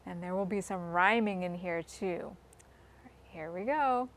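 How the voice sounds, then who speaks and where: A woman, a children's librarian, reading a rhyme to young children in a slow, sing-song way and inviting them to join in. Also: fairly low pitch.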